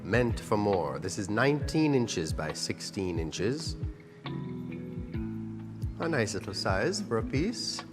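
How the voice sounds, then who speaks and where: A man calls lots at a charity auction, upbeat and coaxing as he asks for bids. His voice carries a long hall reverb, with clear music playing behind him. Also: lowish voice, big pitch swings, slow, pauses often. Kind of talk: live charity auction calling.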